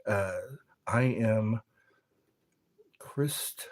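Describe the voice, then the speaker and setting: A man from the United States, a bit tipsy from wine, casually chatting on a live stream and reading viewer comments aloud in a slow, rambling way. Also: on the low side. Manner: slow, rambling, reads chat messages aloud.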